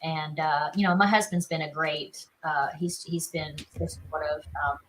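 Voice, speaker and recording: A woman in her thirties from South Carolina with a warm Southern accent, a fairly low voice and a bright, forward tone. She talks in a chatty, upbeat way, full of "you know" and "like", as a guest on a video call interview. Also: steady tone, moderate pace, slight background noise, rough recording. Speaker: guest, actress. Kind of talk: casual interview chat.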